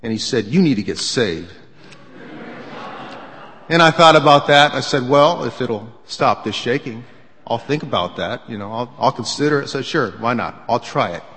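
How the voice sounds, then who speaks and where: A man delivering a sermon in an earnest, conversational style, pausing often on small fillers. His voice sits at an ordinary middle pitch. It rings with the long reverb of a large hall. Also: lively intonation, fairly bright tone. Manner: earnest, conversational preaching with frequent "uh" fillers and personal testimony. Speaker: preacher.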